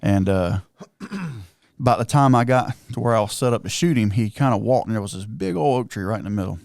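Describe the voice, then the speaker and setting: A man telling a hunting story on a podcast, excited and animated, acting out what everyone said. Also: lowish voice, a little fast, vocal fry, no room sound, studio quality. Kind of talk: casual storytelling chat.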